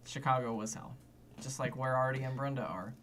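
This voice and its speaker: A young man with an ordinary mid-range voice chats on a podcast. He is laid-back and tosses in quick, short replies. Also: medium pitch, fairly even intonation, fairly bright tone. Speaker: podcast co-host. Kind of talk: casual chat.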